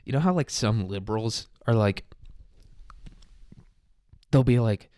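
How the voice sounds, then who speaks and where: A man's voice: on the low side, lively intonation, a little slow, pauses often, dark tone, clear, resonant tone, no echo, clean studio sound. A man hosting a casual history podcast alone, rambling with crude, self-mocking jokes. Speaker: podcast host.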